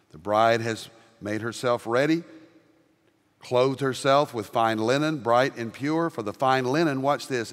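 An older man from the American South with a Southern accent, preaching a sermon as pastor with homespun humor and loud, emphatic rises. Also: mid-range voice. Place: large church sanctuary. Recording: long reverb of a large church.

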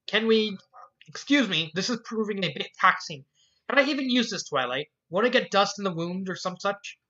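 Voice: mid-range voice, animated, moderate pace, pushed and bright, highs cut off. A reader voicing a refined, dramatic young lady pony from a fan story, genteel and calling others darling. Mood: strained. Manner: genteel, says darling and dear.

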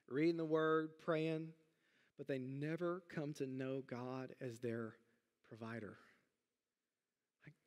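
A middle-aged man preaching a sermon as pastor, talking in a conversational, animated way with big jumps in pitch. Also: big-room sound. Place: church sanctuary.

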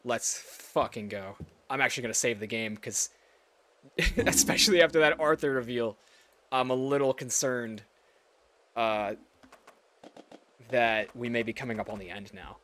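A young man hosting a let's play, chatting excitably and swearing casually as he plays. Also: medium pitch, a little slow, pauses often, a little hiss or hum. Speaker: gaming video host.

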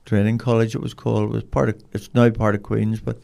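Older northern irish guy, gravelly voice, rambly lively storytelling. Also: lowish voice, fast. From Northern Ireland. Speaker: guest, dog trainer. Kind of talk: casual storytelling.

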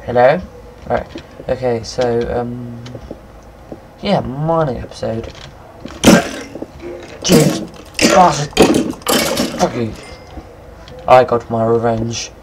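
Young man, excitable gaming commentary. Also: mid-range voice, takes it slowly, pauses often, background noise. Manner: excitable, swears often, talks to himself. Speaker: gaming video maker. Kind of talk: casual game commentary. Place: at home at his computer. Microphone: computer mic, no headset.

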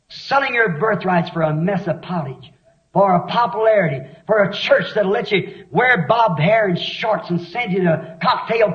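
High-voiced preacher, fiery. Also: male voice. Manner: impassioned, storytelling, rising to shouts. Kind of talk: fiery revival sermon. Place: church meeting hall. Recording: echoey hall, dull lo-fi 1960s tape.

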